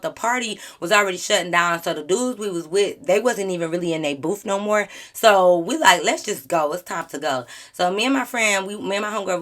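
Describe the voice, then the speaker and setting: A woman YouTuber telling a storytime vlog with sass and lots of slang. Her retelling is animated and her voice sits at a medium pitch.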